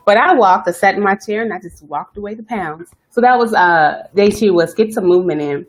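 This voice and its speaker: A woman hosting a self-care live stream, talking fast and chatty, greeting viewers by name as she coaches. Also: mid-range voice. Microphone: webcam or phone live stream.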